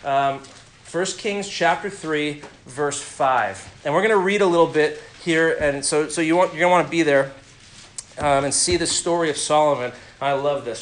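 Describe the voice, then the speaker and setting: A man teaching a Bible class, lively and interactive, quizzing his listeners and calling on them by name. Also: on the high side, normal speed, reverberant.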